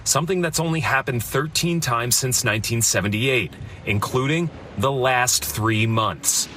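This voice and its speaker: A man delivering a scripted TV news report in a measured, authoritative way. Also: medium pitch, pushed and bright, a little hiss or hum.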